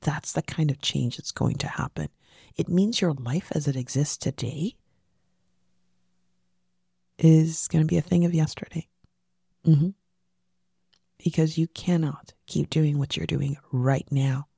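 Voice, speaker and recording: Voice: mid-range voice, steady tone, slow, creaky, pauses often, warm tone, breathy edge, no room sound, clean studio sound. A podcast host giving a motivational monologue, emphatic and repeating key phrases, sometimes dropping into a whisper for emphasis.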